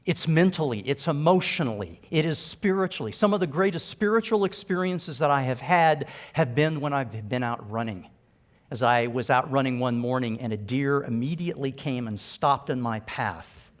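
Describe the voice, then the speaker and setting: A man's voice: medium pitch, normal speed. A middle-aged man speaking earnestly and emphatically as a conference speaker, giving a motivational keynote to a live audience.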